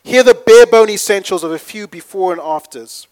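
A man preaching to his congregation, playful and chatty, then building to fervent shouting. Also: high-pitched, a little fast, few pauses. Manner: playful, leads the congregation in call-and-response. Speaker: pastor. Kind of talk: sermon.

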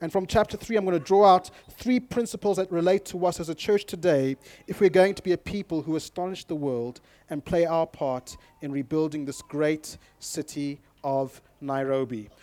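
A man preaching a sermon to his congregation, moving from calm scripture reading to loud, emphatic exhortation and speaking directly to the people in front of him. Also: a little high, normal speed, few pauses, no echo. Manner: addresses the congregation directly with audience prompts. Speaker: pastor.

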